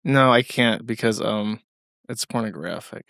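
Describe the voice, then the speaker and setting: A man's voice: lowish voice, unhurried, vocal fry, a bit bright, no echo, clean studio sound. A young man co-hosting a comedy stream, laid-back and hesitant, laughing often. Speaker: podcast co-host. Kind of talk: casual comedic commentary.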